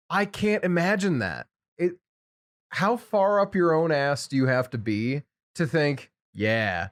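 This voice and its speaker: Blunt man co-hosting a podcast. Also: a little high. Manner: incredulous, blunt commentary. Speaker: podcast co-host. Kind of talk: casual chat.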